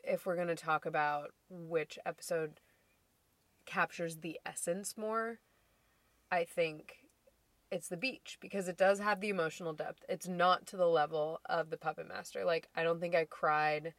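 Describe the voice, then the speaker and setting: A woman's voice: lowish voice, fairly even intonation, moderate pace, a bit bright, no room sound. A woman co-hosting a podcast in casual chat, chatty, laughing often, with many fillers. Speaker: podcast co-host.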